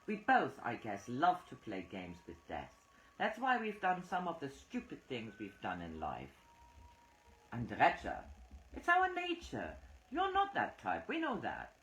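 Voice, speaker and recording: A woman's voice: very deep voice, wildly swooping pitch, measured pace, fairly bright tone, roomy sound, exaggerated voice, poor audio. A woman voicing an outspoken, emotional female psychic medium who talks heatedly and defensively.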